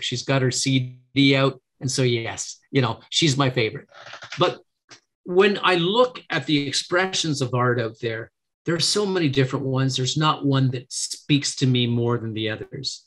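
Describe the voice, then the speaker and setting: A middle-aged man speaks as a podcast guest, earnest and encouraging, with a voice of ordinary pitch. He slips into a lifted tone when he acts out what people say. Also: fairly bright tone. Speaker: podcast guest, negotiation trainer. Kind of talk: casual interview.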